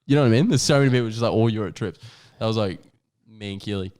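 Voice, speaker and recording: A man's voice: fairly low pitch, very fast, darkish tone, clear, resonant tone. A young adult man, co-hosting a podcast and telling a rambling travel story with lots of "like" and swearing. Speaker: podcast co-host. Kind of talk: casual chat.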